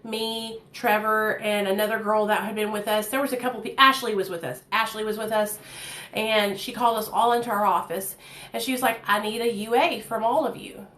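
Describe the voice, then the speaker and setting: A woman's voice: medium pitch, fairly even intonation, brisk, sharp tone. A woman telling a personal story in a casual, candid and profane way, full of chatty fillers, in an echoey room. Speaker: vlogger.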